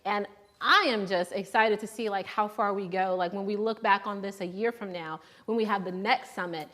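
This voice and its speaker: A woman's voice: mid-range voice, normal speed, fairly bright tone. A young adult woman hosting a live shopping show, chatting casually and upbeat, often restarting her sentences.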